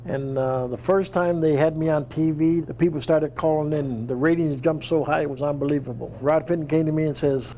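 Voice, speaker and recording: A man with a gravelly, dark voice, spinning folksy yarns from his life and playing every voice in the story himself. he talks in a relaxed way, with a faint hum behind him. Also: on the high side, a little fast, few pauses, poor audio. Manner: folksy, acts out quoted dialogue. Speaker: interviewed wrestler. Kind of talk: storytelling in an interview.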